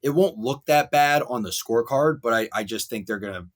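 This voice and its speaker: A young man co-hosting a sports podcast, ranting at length with animated wrestling and pop-culture riffs. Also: medium pitch, fairly quick. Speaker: podcast co-host.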